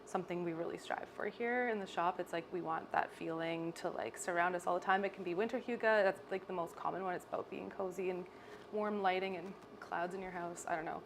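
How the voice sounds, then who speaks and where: A woman's voice: lowish voice, brisk, slight background noise. Bubbly Canadian woman, salon chat. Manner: bubbly, laughs often, animated storytelling. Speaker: salon owner. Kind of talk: casual interview chat. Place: hair salon.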